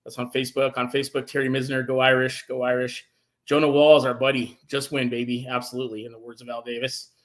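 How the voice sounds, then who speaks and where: A man hosting a casual sports talk show, enthusiastic and animated, reading out viewer comments. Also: medium pitch, fast. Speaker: podcast host.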